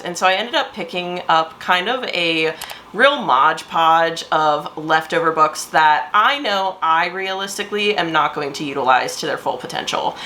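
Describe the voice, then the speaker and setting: A woman chats through a casual writing vlog from her home, talking expressively with a lively, swinging pitch. Her voice sits fairly low yet sounds bright and crisp. A faint hum of background noise runs underneath. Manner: chatty and expressive. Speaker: author vlogger.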